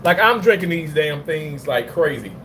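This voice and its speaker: A lively male streamer with a high voice that jumps all over the place as he rants and laughs. He swears freely and answers his chat directly. There's a faint hiss of noise under his voice. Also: normal speed. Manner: animated, profane, laughs often; talks back to chat comments. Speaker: livestream host. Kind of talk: casual livestream chat.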